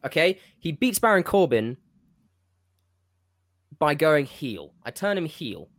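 A man on a casual podcast, rambling and stopping himself mid-thought as he pitches a wrestling storyline. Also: big pitch swings, slow pace, dry recording, clean studio sound. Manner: rambling, self-interrupting. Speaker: podcast co-host. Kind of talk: casual wrestling fantasy-booking chat.

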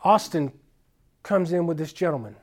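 A man who is a children's minister, telling stories at a conference in an animated, folksy way with casual slang. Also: a little high, moderate pace. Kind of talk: storytelling conference talk.

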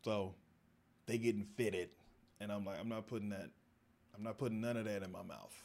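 A man's voice: moderate pace, creaky. Southern man telling a stand-up story. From American South. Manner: animated, acts out other voices in high pitch.

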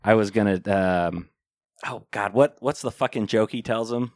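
A woman's voice: very deep voice, normal speed, a little mellow, dry recording, studio quality. A woman from Indiana co-hosting a podcast in casual, teasing chat. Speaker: podcast co-host.

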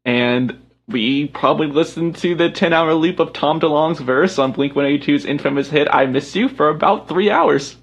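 A man's voice: fairly high pitch, normal speed, husky. A young man chatting casually on a group call, telling stories with a laugh.

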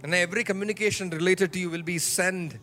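A man's voice: high-pitched, fairly even intonation, fast, bright, forceful tone, faint music behind. A male pastor preaching a sermon in a church, leading the congregation in call-and-response with emphatic repetition. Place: church sanctuary.

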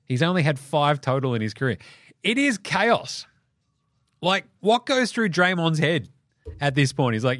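Australian man, podcast host, swearing a lot, laughing, lively swoops in pitch, dry close sound. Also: moderate pace, dry recording. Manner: animated, profane, laughing between jokes. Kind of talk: solo sports podcast rant.

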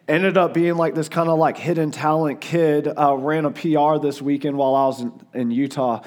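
A hoarse man in his forties with a Southern US drawl, speaking a touch higher than most men. He chats and jokes through his stories as a guest preacher. He leans on "like" and "uh" as he talks. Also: fairly even intonation, normal speed, hardly any pauses, a little mellow. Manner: chatty and joking, lots of "like" and "uh". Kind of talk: casual storytelling before a sermon.

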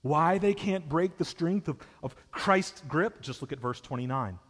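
A man with a Southern US accent preaching a sermon as pastor, emphatic and shifting between hushed and loud passages. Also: on the high side, lively intonation, a little slow. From Southern United States. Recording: long hall reverb.

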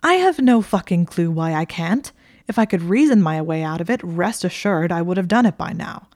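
A woman's voice: lowish voice, expressive, normal speed, darkish tone, no echo, clean studio sound, close to an everyday voice. A woman reading the part of a sulky, sardonic young nobleman with a sarcastic, drawling delivery.

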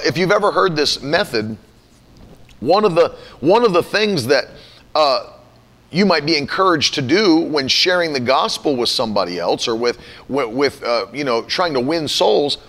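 A man giving a casual teaching talk on faith, animated, often laughing and mimicking other people's voices. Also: fairly high pitch.

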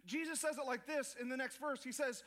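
A pastor with an unusually high voice preaches from the pulpit at a fairly quick clip, telling animated stories by acting out little scenes and tossing jokes and asides to the congregation. The long reverb of a large church auditorium rings around him.

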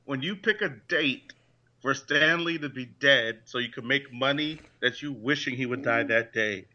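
A man's voice: mid-range voice, moderate pace, sharp tone. A man co-hosting a podcast in casual chat, wisecracking and laughing a lot. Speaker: podcast co-host. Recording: slightly dull lo-fi sound.

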